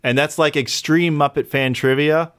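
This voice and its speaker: A man chatting as a guest in a casual interview, excitable and playfully teasing, recorded dry on a handheld recorder mic. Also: on the high side, normal speed, smooth. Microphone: handheld recorder mic, remote call.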